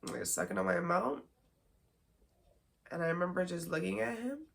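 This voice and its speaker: A woman's voice: on the low side, moderate pace, vocal fry. A woman hosting a podcast, telling a personal story candidly in a rambling way with many filler words and nervous laughs. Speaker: podcast host.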